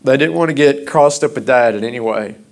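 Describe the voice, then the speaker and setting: A man preaching a sermon, starting out halting and rambling, then growing louder and impassioned. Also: medium pitch, gravelly.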